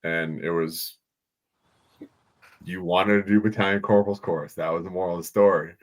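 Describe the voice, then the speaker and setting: Real deep-voiced dude, dry and blunt, swears casually while telling a story. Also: male voice, steady tone, moderate pace. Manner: dry, blunt anecdote telling with salty slang. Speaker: podcast co-host. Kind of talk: casual chat.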